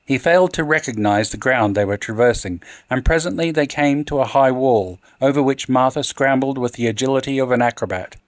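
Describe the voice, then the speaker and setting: Male narrator, horror story, dramatic delivery, mid pitch, dry close mic. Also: fairly quick, few pauses, no room sound. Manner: dramatic, expressive reading.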